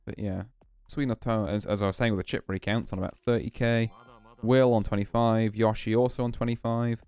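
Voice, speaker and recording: A man's voice: lowish voice, fairly even intonation, brisk, darkish tone, clear, resonant tone, soft background music. A man streaming a poker game, casually musing and explaining his hands as he plays. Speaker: VTuber streamer. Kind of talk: casual poker play commentary.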